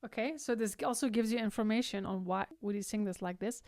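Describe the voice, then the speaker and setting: A woman teaching singing, explaining technique and breaking into loud, high vocal exercises between her explanations. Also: brisk, dry recording, studio quality. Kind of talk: vocal tutorial with sung demonstrations.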